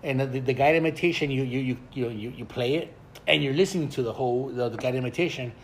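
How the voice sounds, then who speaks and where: A man's voice: medium pitch, fast talker, a little hiss or hum. An older man and grandfather telling rambling, profane stories in a casual chat with friends, often breaking into laughter. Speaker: storyteller in a group chat.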